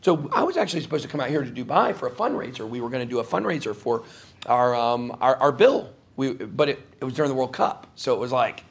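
A man's voice: medium pitch, lively intonation, quick pace, husky. A man as an interview guest before a live audience, telling a story in an emphatic, rambling way, his voice jumping up sharply when he gets worked up.

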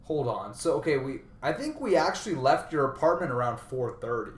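A man's voice: mid-range voice, sing-song, a little fast, recorded from a distance. A man who works as a personal trainer, chatting casually with friends about their new business and laughing easily. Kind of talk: casual chat. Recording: roomy, from off-mic.

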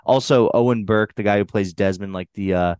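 A man's voice: on the low side, a little fast, darkish tone, smooth, no room sound. A man with a New Hampshire accent, hosting a casual movie review podcast in a loose, rambling way with casual swearing. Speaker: podcast host.

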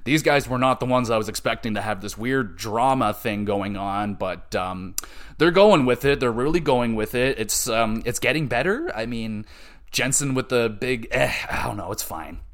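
A man's voice: medium pitch, moderate pace. A man hosting a solo podcast, recapping a show in a loose, chatty manner with plenty of swearing. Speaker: podcast host.

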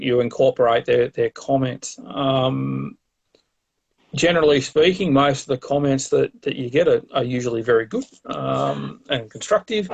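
Gravelly Australian man telling a rambling story. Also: medium pitch, highs cut off. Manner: rambling, many fillers and restarts. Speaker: guest, herpetologist and author. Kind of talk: casual interview storytelling.

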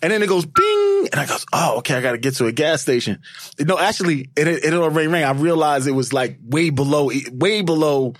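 Husky man telling a story. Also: on the high side, fairly quick, no room sound, clean studio sound. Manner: animated, laughing, acts out his own past lines. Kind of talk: casual storytelling among friends.

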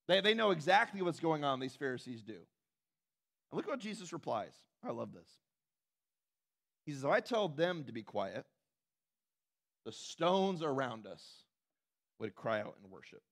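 A man's voice: high voice, sing-song, moderate pace, pauses often, fairly bright tone. A man preaching a sermon in a conversational way, with asides to the congregation and acted-out quotes. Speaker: pastor.

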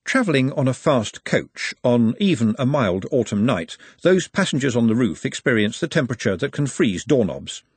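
A man narrates a storybook in a wry, even-paced way, his voice slightly husky. His pitch moves in a lively way through the sentences. The sound is close and dry with no room around it. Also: moderate pace, hardly any pauses, no echo. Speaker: audiobook narrator.

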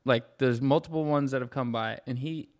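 A young man co-hosting a podcast, telling stories in a lively, profane way and acting out the voices of the people in them. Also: medium pitch, moderate pace. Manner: animated storyteller, profane, acts out voices in anecdotes. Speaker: podcast co-host. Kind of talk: casual chat.

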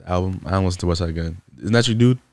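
A man with a deep voice recorded in a dry, close sound. He talks blunt and slangy on a casual podcast, teasing his co-hosts. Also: very fast, vocal fry, a little mellow, no room sound. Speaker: podcast co-host.

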